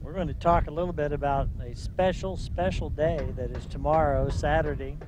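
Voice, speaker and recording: A man's voice: fairly high pitch, fairly even intonation, moderate pace. A man doing play-by-play for a local football game outdoors, joking dryly with his co-hosts. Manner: jokey, dry banter between plays. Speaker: play-by-play announcer. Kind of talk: local sports commentary. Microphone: wind-blown broadcast mic. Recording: wind noise in outdoor mics.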